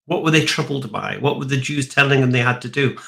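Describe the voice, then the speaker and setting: A man's voice: mid-range voice, quick pace, gravelly. A man, arguing a point in a debate. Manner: animated, argumentative. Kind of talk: debate argument with comic storytelling.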